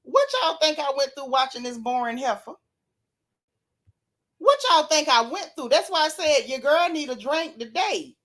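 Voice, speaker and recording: A woman hosting a casual live-stream recap, reading viewer comments and talking with sassy, animated flair, often yawning and laughing. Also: high voice, normal speed. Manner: sassy, animated, Southern Black vernacular gossip. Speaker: reality TV recap host reading live chat.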